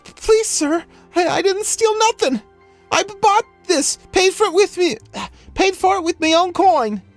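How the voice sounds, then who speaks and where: A man voicing a frightened young refugee woman in a put-on Cockney accent, pleading in a high voice. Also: expressive, measured pace, faint music behind.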